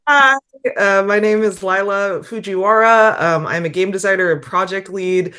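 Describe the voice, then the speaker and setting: A woman's voice: medium pitch, normal speed, sharp tone. Lady guest on a podcast, chatty, lots of ums and likes. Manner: chatty, filler-heavy, laughs easily. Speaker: podcast guest, game designer. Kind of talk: casual interview chat.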